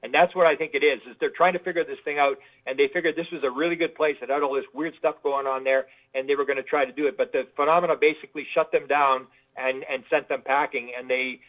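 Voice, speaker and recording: A man's voice: mid-range voice, fairly even intonation, fast talker, hardly any pauses. Rambling man on a tinny line. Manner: rambling, repeats words, acts out quoted voices. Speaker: guest researcher. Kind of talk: casual interview storytelling.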